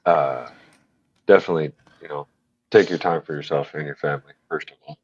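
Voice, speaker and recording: A man's voice: very deep voice, fairly even intonation, fairly quick, husky, no echo, highs cut off. A man talking as a panel guest, giving laid-back, meandering, brotherly advice in casual chat.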